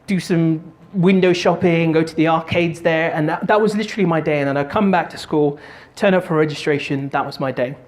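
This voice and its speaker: A man giving a motivational talk, telling a story in an animated, jokey way and doing voices. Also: on the high side, brisk, few pauses. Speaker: motivational speaker and stand-up comic.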